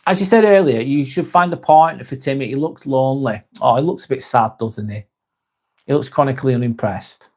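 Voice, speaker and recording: A man's voice: medium pitch, a little fast, a little mellow. A man hosting a live stream, reading chat comments aloud, swearing heavily, then apologizing.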